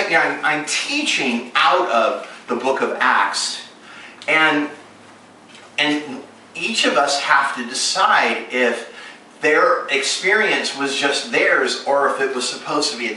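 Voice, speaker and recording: A man delivering an animated sermon, acting out both sides of a story in a voice of middling pitch. He is recorded from well back in a strongly echoing room, with steady noise clearly audible underneath. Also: distant mic. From United States. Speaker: preacher.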